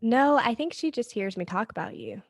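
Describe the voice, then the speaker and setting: A woman's voice: fairly high pitch, wildly swooping pitch, moderate pace, no echo, clean studio sound. A woman with a Southern Georgia accent chatting casually and a little self-consciously as podcast co-host.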